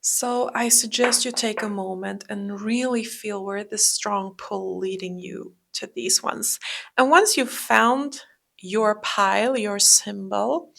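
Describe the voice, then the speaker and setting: A woman giving a calm tarot reading, talking slowly and often dropping into a whisper. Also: medium pitch, vocal fry. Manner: slow, calm, drifting into whispers. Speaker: tarot reader. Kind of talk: soft-spoken tarot reading.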